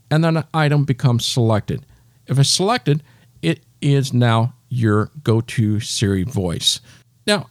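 A man's voice: medium pitch, no echo, studio quality. A man hosting a step-by-step tutorial, patiently talking the listener through each gesture. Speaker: tech tutorial host.

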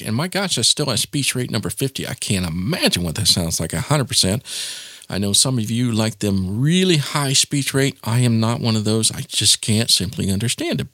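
A man's voice: mid-range voice, a bit bright, dry recording, studio quality. A man giving a casual spoken tutorial in a chatty, informal way, with plenty of asides. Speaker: tech tutorial presenter.

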